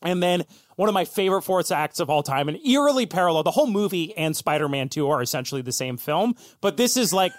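A man co-hosting a film podcast, telling scenes with lively swearing and acted-out lines. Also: a little high, fast, no echo, studio quality. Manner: animated storyteller, swears, acts out lines. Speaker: podcast co-host. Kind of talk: casual film chat.

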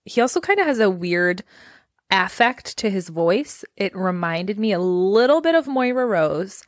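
A woman in a casual podcast chat, recapping scenes and quickly acting out the characters' lines. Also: mid-range voice, big pitch swings, no room sound, clean studio sound. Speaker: podcast co-host.

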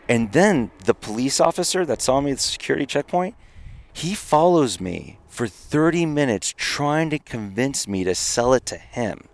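A man, a podcast guest, casually telling a long, animated story and laughing at his own misadventure. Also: fairly low pitch, normal speed, a little hiss or hum. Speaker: podcast guest, company founder.

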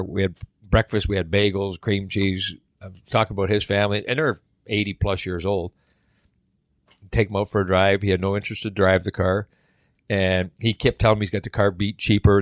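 A middle-aged man telling a story in a casual chat, animated and acting out the voices of the people in it. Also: low voice, dry recording, studio quality. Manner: animated, acts out quoted voices. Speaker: guest.

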